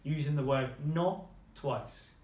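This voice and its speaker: A man's voice: fairly high pitch, slow pace, a little mellow, roomy sound. A man teaching a beginner language lesson, patiently modeling words and praising his student.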